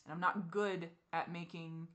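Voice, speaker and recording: A woman venting in a personal confessional vlog, teary and frustrated, with sighs and soft muttered asides. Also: on the low side, steady tone, unhurried. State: teary, crying. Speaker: vlogger.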